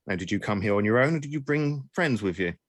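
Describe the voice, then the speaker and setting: Guy running a tabletop game, low voice, wry, jokes at himself, dry sound. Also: lively intonation, quick pace, no echo. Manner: wry, self-mocking, with restarts. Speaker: game master.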